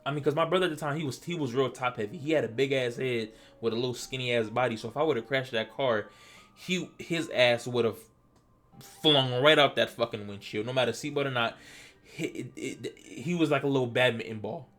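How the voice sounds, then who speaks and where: A man from Delaware telling a personal story in casual vlog style, animated and stammering, acting out what he said back then. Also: mid-range voice, a little fast. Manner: animated, stammering, acts out his own past lines. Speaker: storytelling vlogger.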